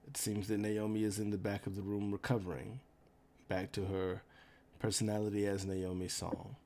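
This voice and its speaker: A man voicing a blinded woman who speaks in a flat, even monotone. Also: on the low side, moderate pace, voice pushed down.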